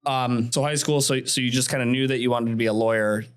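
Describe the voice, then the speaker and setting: Fast-talking man hosting a podcast. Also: mid-range voice, smooth. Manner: animated storyteller, laughs often. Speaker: podcast host. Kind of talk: casual interview chat.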